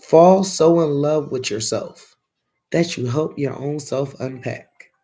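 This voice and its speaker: Gravelly-voiced Philly man reading tarot. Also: fairly high pitch, takes it slowly, warm tone, soft background music. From Philadelphia. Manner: chatty, reads affirmation cards aloud and talks to viewers in the chat. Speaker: tarot reader. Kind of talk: casual live-stream tarot reading.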